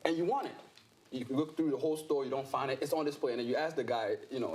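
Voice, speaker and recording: A man's voice: mid-range voice, fast, a little mellow. Playful joking man on a talk show. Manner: playful, joking, filler-heavy. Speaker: comedian guest. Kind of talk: casual interview chat.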